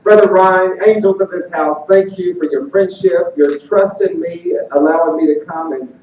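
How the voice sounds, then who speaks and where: A man in his thirties, a visiting evangelist, who speaks to a church congregation and then sings in worship, getting loud and animated when excited. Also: high-pitched, normal speed, slight background noise. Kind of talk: church sermon and worship singing. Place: large church sanctuary. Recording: echoey hall picked up from far off.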